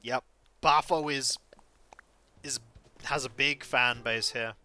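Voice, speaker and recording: A man's voice: mid-range voice, fairly even intonation, slow pace, sharp tone. A man casually commenting as he plays a life-sim game on stream, chatting with viewers and muttering asides to himself.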